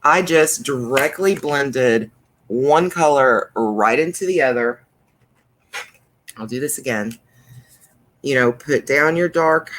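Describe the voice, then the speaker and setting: A woman's voice: extremely low pitch, a bit bright. A woman hosting a craft channel, chatting through a coloring demonstration in a rambling way with many fillers.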